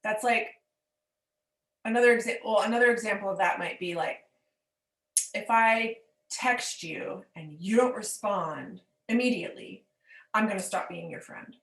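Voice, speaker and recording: A woman coach talks through her lesson with patience, leaning on everyday examples and pausing to check that the listener is following. Her voice sits at an ordinary middle pitch. The recording carries a noticeable roomy echo. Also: fairly bright tone. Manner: checks in with "okay?". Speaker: forgiveness coach. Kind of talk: teaching monologue.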